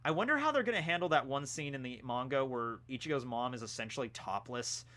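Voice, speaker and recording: Bright-voiced young man chatting on a stream. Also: medium pitch, lively intonation, fast. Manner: rambling, laid-back, answers questions read from chat. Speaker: streamer answering chat questions. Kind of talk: casual live-stream chat.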